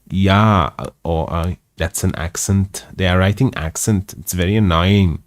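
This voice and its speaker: A man's voice: deep voice, steady tone, dry recording, clean studio sound. A man whose first language is Arabic, reading a classic novel aloud live and stopping to comment on its wording. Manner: slow, reflective, chuckles at the text. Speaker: English reading host.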